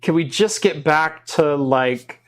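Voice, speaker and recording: Rambling West Coast man, slightly high voice. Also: takes it slowly. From Oregon, US. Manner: rambling, many restarts and fillers. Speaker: podcast host. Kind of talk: casual chat.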